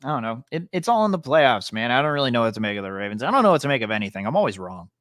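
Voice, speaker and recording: A man's voice: mid-range voice, very animated, rapid-fire, fairly bright tone, no room sound. A man co-hosting a podcast, chatting casually about sports in a laid-back, self-deprecating way, on a close podcast mic. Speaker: podcast co-host.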